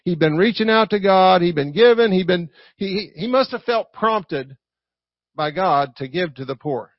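A man with a Southern US accent preaching a lively sermon, acting out quotes and asking the congregation for responses. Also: high voice, normal speed, no room sound. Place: church. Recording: dry, dull lo-fi recording.

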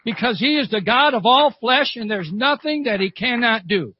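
A man's voice: very high voice, animated, moderate pace, slightly rough, no room sound, lo-fi sound. Fervent older man preaching a sermon. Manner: fervent storytelling preacher, repeats phrases, calls "Amen". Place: church service.

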